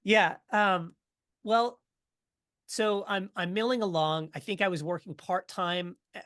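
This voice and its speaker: A middle-aged man, a podcast guest, telling his story in a casual, energetic way and acting out what others said. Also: high-pitched, unhurried. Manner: energetic, animated storyteller who acts out quotes.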